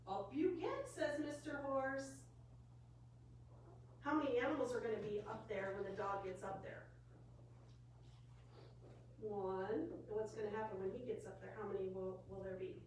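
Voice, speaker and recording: A woman's voice: mid-range voice, steady tone, fairly quick, pauses often. A woman, a children's librarian reading a picture book to preschoolers and coaxing them with questions. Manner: bright, coaxing teacher talk with questions. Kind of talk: story time read-aloud for preschoolers. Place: library story room. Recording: echoey room, distant mic, faint hiss.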